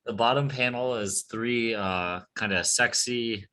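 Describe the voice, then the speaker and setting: A man co-hosting a casual podcast, describing memes in a relaxed, halting way with many fillers. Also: medium pitch, low-quality recording. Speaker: podcast co-host.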